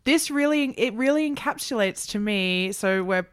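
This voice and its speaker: A woman chatting casually on a podcast, her voice smooth and resonant. She rambles with fillers and swears freely, recorded close and dry. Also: on the high side, animated, moderate pace, no room sound. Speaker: podcast co-host. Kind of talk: casual chat.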